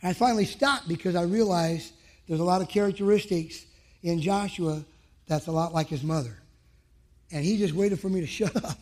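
A man's voice: high-pitched, moderate pace, darkish tone. A man preaching a sermon to men, telling a personal story in an emphatic way and acting out past conversations. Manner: emphatic, acts out his own past dialogue.

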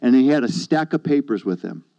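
A man's voice: medium pitch, expressive, a little fast, gravelly, warm tone, no echo, poor audio. A man preaching a sermon, telling a personal testimony in a conversational storytelling way and acting out what others said to him. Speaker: pastor.

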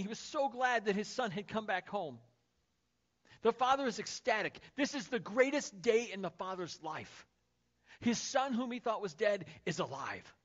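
A man's voice: high voice, fairly bright tone. A male pastor preaching a sermon in a casual, conversational way, speaking to the congregation. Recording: dull lo-fi sermon recording.

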